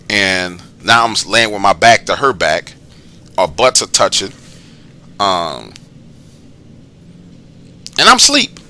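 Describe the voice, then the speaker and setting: New guy telling a creepy story, cussing a lot, low but really sharp voice. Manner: profane, slangy, animated retelling. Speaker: channel host telling his own paranormal encounters. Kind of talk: casual spoken storytelling.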